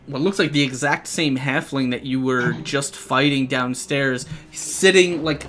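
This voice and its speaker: A man running a tabletop game, narrating in a hesitant way with frequent restarts. His voice is slightly high and bright, with a faint hiss in the recording. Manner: hesitant, full of restarts and fillers. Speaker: game master.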